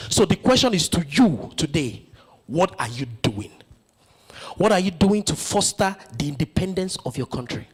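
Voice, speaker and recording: A man's voice: fairly high pitch, slightly rough. A man giving a motivational conference speech, stirring the audience with rhetorical questions. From Nigeria. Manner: rousing, full of rhetorical questions. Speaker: conference speaker.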